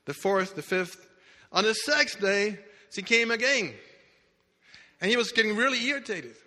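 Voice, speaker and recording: A man's voice: high voice, expressive, normal speed, bright, forceful tone. A man preaching a sermon, telling a story dramatically with emphatic restarts. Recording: echoey hall reverb.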